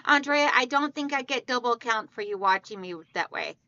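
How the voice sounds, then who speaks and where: A high, bright-voiced woman hosts a casual livestream from home, greeting viewers by name and calling them hon. Her voice is recorded dry and close, a little dull in the top end. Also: moderate pace, no room sound. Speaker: quilting livestream host.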